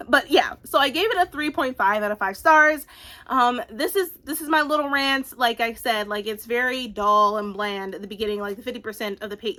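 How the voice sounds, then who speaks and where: A young woman giving a casual, animated book-review rant, exclamatory and swearing freely. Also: on the high side.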